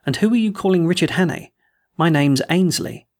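A man putting on a surly, whining rough sailor. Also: a little high, fairly quick, darkish tone, close to an everyday voice.

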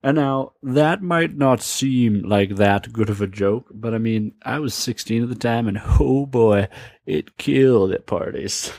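A man's voice: medium pitch, measured pace, vocal fry, a little mellow, dry recording, studio quality. Man telling a story, laughing often. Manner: laughing, acts out quoted voices. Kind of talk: casual anecdote.

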